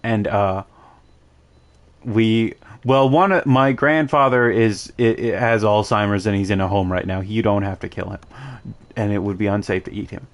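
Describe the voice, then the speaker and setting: A man's voice: lowish voice, fairly even intonation, moderate pace. A man streaming a game, chatting casually with many fillers and restarts. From Canada. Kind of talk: casual gaming chat.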